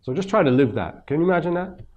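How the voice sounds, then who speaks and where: A man's voice: fairly high pitch, expressive, quick pace, a little mellow, highs cut off. A man teaching a seminar audience in a mosque. He speaks conversationally, asks frequent rhetorical questions and acts out quoted speech. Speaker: religious teacher. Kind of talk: lecture commentary to a seminar audience.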